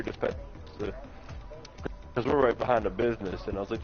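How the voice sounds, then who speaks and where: A man's voice: mid-range voice, fairly quick. A man telling his own painful mishaps as jokes, laughing along in casual chat. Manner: laughs through his own painful stories, joking and self-mocking. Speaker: live stream chat participant. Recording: muffled lo-fi stream audio with faint music.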